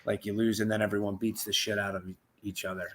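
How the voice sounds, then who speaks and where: A man's voice: on the low side, flat delivery, fast, slight background noise. A man hosting a podcast, telling a rowdy story in casual, profane chat and acting out the quotes. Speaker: podcast host.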